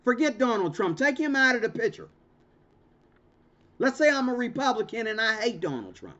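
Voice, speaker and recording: Vlog host, male, high-pitched, confrontational and emphatic; muffled lo-fi recording. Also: very animated, moderate pace, pauses often, bright, forceful tone. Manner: emphatic, repetitive, stammering restarts; confrontational, ranting. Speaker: channel host. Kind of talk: monologue commentary vlog. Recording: dull lo-fi recording.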